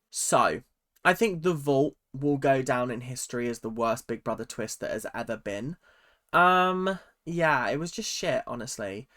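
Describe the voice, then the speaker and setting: Male vlogger, ranting recap, sarcastic and sweary, mid-pitched voice. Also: a bit bright. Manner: sarcastic, swears freely, acts out quotes in a higher voice. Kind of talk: casual ranting commentary.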